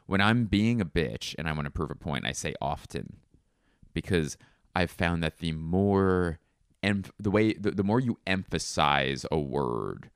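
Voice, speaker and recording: A man's voice: deep voice, lively intonation, a little slow, clear, resonant tone, no room sound, studio quality. A young man hosting a solo comedy podcast, rambling through crude, self-mocking riffs. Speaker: podcast host.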